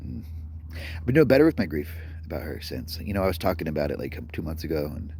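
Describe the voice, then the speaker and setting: A man's voice: extremely low pitch, sing-song, fast talker, a little mellow, slight background noise. A man vlogging outdoors, talking casually and reflectively to his phone, sometimes dropping to a near whisper. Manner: rambling, reflective, drops to a near whisper at times. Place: outdoors behind a store at dawn. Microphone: phone held to self.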